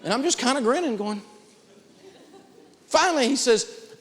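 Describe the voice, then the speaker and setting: A man teaching personal finance in a live seminar, telling stories with big swings in pitch. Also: animated, moderate pace, long pauses, in a large hall, a crowd in the background.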